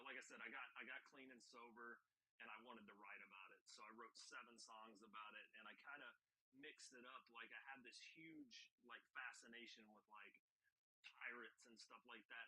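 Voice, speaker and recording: A man's voice: medium pitch, sharp tone, slightly rough, poor audio. A man in his forties with a Southern accent, a guest musician talking casually and rambling with many fillers over a video call. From Southern United States. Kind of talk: casual interview talk.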